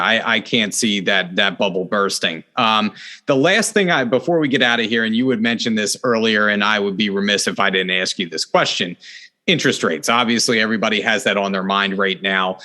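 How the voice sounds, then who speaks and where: A middle-aged man hosting a real estate podcast in casual interview chat, earnest, and he jumps up in pitch to stress a point. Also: moderate pace, pushed and bright.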